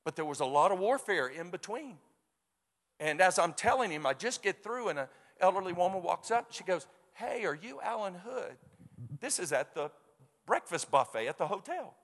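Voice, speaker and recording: A man preaching a sermon, telling a story with lively quoted voices. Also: high voice, normal speed. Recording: long hall reverb.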